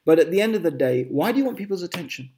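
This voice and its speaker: A man's voice: sits high, animated, rapid-fire, mellow. A man giving a sermon, dramatic and emphatic, reeling off lists of exaggerated phrases. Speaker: Muslim preacher. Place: England.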